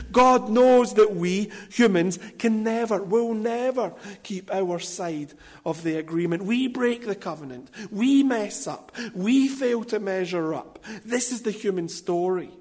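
A man preaching a sermon in a deliberate, emphatic way, with light self-deprecating asides. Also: high voice, big-room sound.

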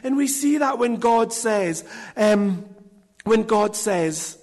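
A man with a high voice delivers a sermon at an unhurried pace. He stresses his points with care and breaks off now and then to poke fun at himself. His voice rings out with a long reverb, as in a large hall. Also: lively intonation, darkish tone. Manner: deliberate, emphatic delivery with light self-deprecating asides. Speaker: preacher.

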